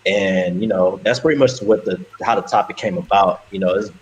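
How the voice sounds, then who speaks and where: Lowish voiced guy explaining a topic, lots of you know and uh. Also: brisk, rough recording. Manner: hesitant, lots of fillers. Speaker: show co-host. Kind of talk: casual talk.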